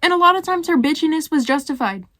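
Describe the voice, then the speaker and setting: A woman's voice: high-pitched, lively intonation, quick pace, a bit bright, no echo, studio quality. A young woman giving blunt, opinionated commentary with casual swearing as a video host. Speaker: YouTuber ranking reality show cast.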